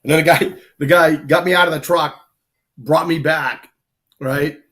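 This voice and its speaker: Male co-host, slightly high voice, rambling storyteller, casual. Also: fairly even intonation, moderate pace, sharp tone. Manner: rambling storyteller, many fillers like "right?". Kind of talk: casual podcast chat.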